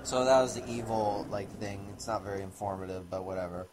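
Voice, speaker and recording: A man's voice: lowish voice, flat delivery, brisk, darkish tone. A man narrating a casual game review in a rambling, offhand way. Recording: noisy home recording.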